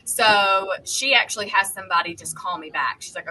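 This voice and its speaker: A woman, co-hosting a podcast and telling a story in a heated, animated way. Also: medium pitch, normal speed, few pauses, poor audio. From North Carolina, US. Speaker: podcast co-host. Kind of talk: casual chat, storytelling.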